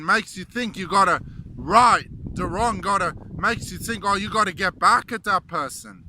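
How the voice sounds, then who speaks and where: Slow earnest male motivational speaker. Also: sits high, bright, forceful tone, a little hiss or hum, low-quality recording. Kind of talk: motivational storytelling talk.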